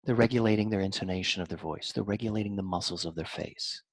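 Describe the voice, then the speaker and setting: A man talking as an interview guest, explaining mind-body ideas in an animated way that swings from lively to soft and low. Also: quick pace, slight background noise. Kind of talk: conversational explanation.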